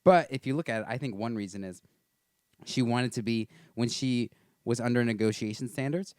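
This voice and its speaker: A man talks casually as a podcast co-host, joking around and throwing in silly voices. His voice sits at a middle pitch and sounds dry and close. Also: moderate pace, darkish tone, no echo. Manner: jokey, does silly voices. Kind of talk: casual chat.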